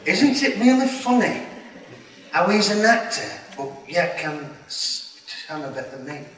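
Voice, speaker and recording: Yorkshire male keynote speaker with a stammer, slow deliberate delivery, higher voice, heard from far off in an echoey hall. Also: big pitch swings, very noisy. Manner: stammers, repeating words. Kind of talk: motivational speech. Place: large hall.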